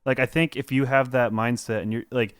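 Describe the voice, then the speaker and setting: A man's voice: mid-range voice, steady tone, a little fast, smooth, no room sound, clean studio sound. A man co-hosting a casual film podcast, thinking aloud with hesitations. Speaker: podcast co-host. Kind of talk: casual film review chat.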